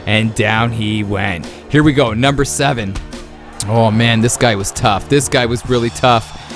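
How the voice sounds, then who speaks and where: Excitable man laughing through game highlights. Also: a little slow, soft background music. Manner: excitable, laughing, playful trash talk. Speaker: gaming YouTuber. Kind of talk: video game highlight commentary.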